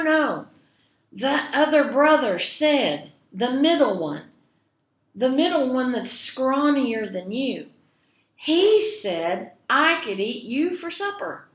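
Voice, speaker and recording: A woman voicing a hungry, greedy troll under a bridge, with loud blustering threats. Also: high-pitched, expressive, slow pace, pitched above the performer's own voice, full character voice. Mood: wheedling. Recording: echoey room.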